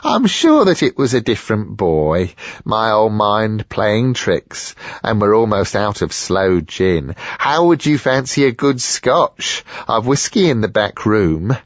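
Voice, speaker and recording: A man's voice: lowish voice, sing-song, slow pace, no echo, lo-fi sound, heavily acted. A man voicing a greedy, sly older antique dealer who wheedles and mutters sourly. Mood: wheedling.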